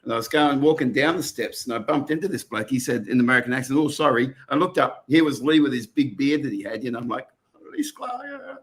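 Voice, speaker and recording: Middle-aged Australian man, mid-pitched, chatty co-host who tells long, meandering stories. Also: fast talker, hardly any pauses. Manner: rambling storyteller with many restarts. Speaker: podcast co-host. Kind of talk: casual chat.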